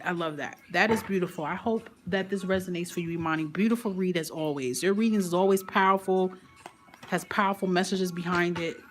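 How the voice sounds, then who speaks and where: A woman giving a casual live card reading, chatty and emphatic, with slangy talk and frequent laughter. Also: fairly low pitch. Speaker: tarot and affirmation card reader.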